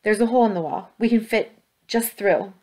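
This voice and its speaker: An eager young boy calls out urgently in a storybook reading, as a woman reader puts him on. His voice is quick and pressing. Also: medium pitch, darkish tone, lightly acted.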